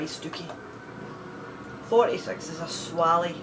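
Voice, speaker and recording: Chatty Scottish woman with a lowish voice. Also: slow, long pauses, noisy background. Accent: West of Scotland Scottish. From west of Scotland. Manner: chatty, laughs often, rambling asides. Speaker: knitting podcast host. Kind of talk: casual chat.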